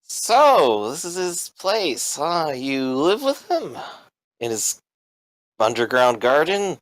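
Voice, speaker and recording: A man's voice: fairly high pitch, sing-song, slow pace, a bit bright, no room sound, pitched above the performer's own voice, heavily acted, rough recording. A man doing a nervous, cocky young thug.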